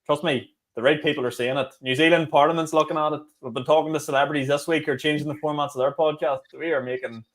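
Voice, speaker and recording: A young Northern Irish man co-hosting a podcast, telling stories in rapid casual chat, swearing and acting out quotes. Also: fairly high pitch, steady tone. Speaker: podcast co-host.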